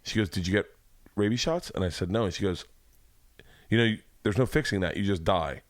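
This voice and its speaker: Low-voiced man telling a wild story. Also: brisk, no room sound, clean studio sound. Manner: animated storyteller, acts out quoted voices, swears freely. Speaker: podcast host. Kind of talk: casual storytelling chat. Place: home studio room.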